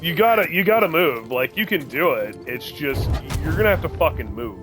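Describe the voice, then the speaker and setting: A young adult man streaming a game, telling a rambling, profane story in a casual, animated way. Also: on the high side, normal speed. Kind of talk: casual storytelling while gaming. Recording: game music under voice. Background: game music.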